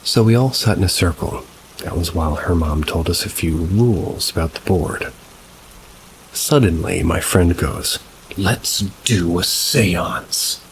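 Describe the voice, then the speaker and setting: A man reading reader-submitted paranormal stories as scripted narration, at a slow, measured pace. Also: low-pitched, vocal fry, background noise. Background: rain.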